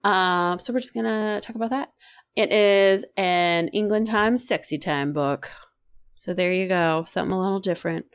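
A woman's voice: medium pitch, moderate pace, smooth. A woman with a sore throat co-hosting a casual book chat, joking and swearing as she sums up the story. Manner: animated, swears casually, jokey asides. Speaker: podcast co-host.

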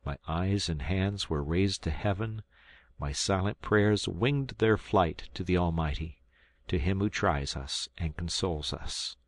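A man with a very low voice reads an old novel aloud at a measured, steady pace. The sound is close and dry, with no room around it. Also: no room sound. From South Carolina, United States. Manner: measured, steady reading that lifts into dialogue. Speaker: volunteer audiobook reader. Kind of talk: audiobook narration.

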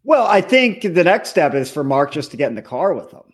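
A man's voice: fairly high pitch, very animated, brisk. A man in casual podcast talk, often hesitating and trailing off. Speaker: podcast guest.

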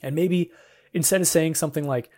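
A man's voice: a little high, fairly quick, a little mellow. A young man hosting a devotional podcast, talking in an earnest, encouraging, conversational way. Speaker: podcast host. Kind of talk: casual devotional podcast monologue.

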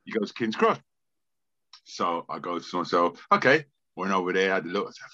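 A man's voice: low voice, normal speed, dry recording, dull audio. A man with a London accent telling a long story as a podcast guest, acting out the voices of others and often restarting his sentences. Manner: animated, acts out quoted voices, frequent stammered restarts. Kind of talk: storytelling in a casual interview.

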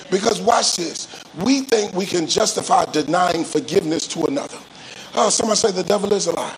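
A man preaching with a high, gravelly voice that swings into sing-song cadences. He keeps calling on the congregation to repeat after him and climbs into shouts. Faint noise sits under his voice. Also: a little fast, poor audio. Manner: call-and-response preaching, rising to shouts. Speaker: pastor. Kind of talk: sermon.

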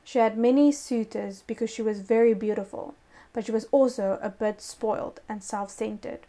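A woman's voice: a little high, steady tone, moderate pace, dark tone. A woman telling a local ghost story in casual chat, breaking off to explain words. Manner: reads a story with laughing asides.

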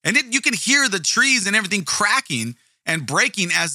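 A man's voice: high-pitched, very animated, moderate pace, pushed and bright, no room sound, studio quality. A man hosting a casual video, reading passages aloud and breaking off for profane, wry, emphatic commentary. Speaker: video host.

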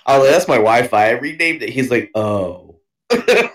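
A man's voice: medium pitch, animated, moderate pace. A man co-hosting a casual podcast, easygoing and rambling, chuckling mid-sentence. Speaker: podcast co-host. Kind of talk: casual chat.

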